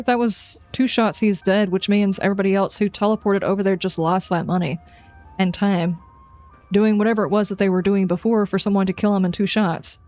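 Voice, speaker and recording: A woman's voice: mid-range voice, darkish tone. A woman livestreaming a game, chatting casually and wryly with her viewers as she plays. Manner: chatty and wry, reacting aloud and answering chat. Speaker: gaming livestreamer. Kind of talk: casual live gameplay commentary, chatting with viewers.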